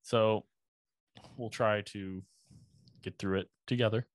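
A man with a low-pitched voice talks through events in a casual, conversational way, dropping profanity and dry sarcastic asides as he goes. The sound is close and dry, with no room around it. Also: steady tone, takes it slowly, no echo. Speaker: podcast host. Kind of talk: casual true-crime narration.

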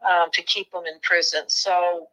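A woman with a bright, forceful voice recounts a crime case she wrote a book about. She speaks earnestly and conversationally, her feelings showing through at times. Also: fairly low pitch, flat delivery, unhurried, low-quality recording. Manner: earnest storytelling, moved at times. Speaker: true crime author. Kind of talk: interview conversation.

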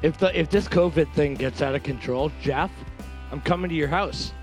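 A man's voice: on the high side, moderate pace, faint music behind. A man co-hosting a comedy trivia show, rambling and sarcastic, with lots of fillers. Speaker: co-host. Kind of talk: comedic podcast banter.

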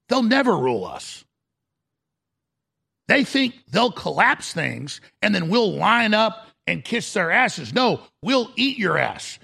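A middle-aged man hosting a talk show, delivering an aggressive, shouting rant in a raspy voice. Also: high-pitched. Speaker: radio talk show host. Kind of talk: ranting talk-show monologue.

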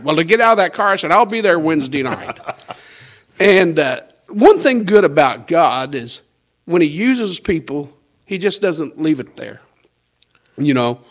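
A man, a pastor telling his life testimony in a folksy, conversational way, acting out the lines of the people in his story and chuckling now and then. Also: a little high. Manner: storytelling with quoted dialogue and chuckles.

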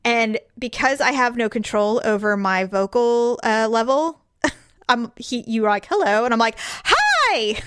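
Giggly chatty woman, high and dry. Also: moderate pace, clear, resonant tone, dry recording. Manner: laughs often, acts out quotes in high chirpy voices. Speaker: podcast co-host. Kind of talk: casual chat.

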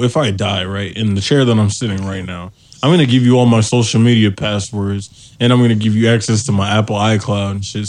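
A man's voice: lowish voice, darkish tone, no echo. A man hosting a podcast, talking in loose, profane, jokey banter and laughing easily. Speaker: podcast host. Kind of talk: crude casual podcast banter.

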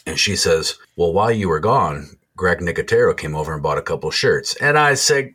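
A man with a very low, deep voice co-hosts a casual podcast. He tells long, rambling stories in everyday talk and swears freely. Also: lively intonation, brisk, few pauses, bright, forceful tone, husky. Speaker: podcast co-host.

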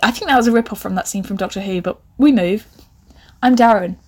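A woman in her twenties with an animated, laughing manner, reading out her old writing and mocking it with sarcastic asides. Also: medium pitch, fast, husky. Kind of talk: comic reading with commentary.

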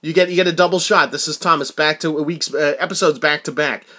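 A middle-aged podcast host talks fast in a slightly high, sharp voice. In a casual monologue and phone chat on his own show, he rambles through a story, restarting often and acting out the quotes.

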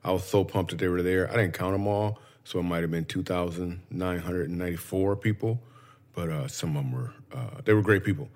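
A man's voice: low-pitched, fairly quick, a little mellow. A man co-hosting a podcast, chatting casually and teasing his partner with lots of jokes. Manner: joking, teasing, laughs a lot. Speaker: podcast co-host. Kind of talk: casual chat.

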